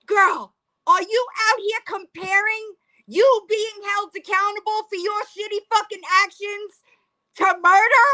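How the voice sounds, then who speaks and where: Very high, slow-talking streamer woman. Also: bright, forceful tone. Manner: sarcastic, incredulous, profane. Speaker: live streamer reacting to a clip. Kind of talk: live-stream reaction commentary.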